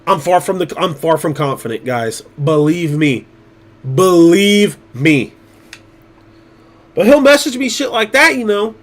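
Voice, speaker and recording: A man's voice: sits high, lively intonation, normal speed, hardly any pauses, a bit bright. A man chatting casually on his livestream, blunt and profane, rambling with restarts. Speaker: streamer.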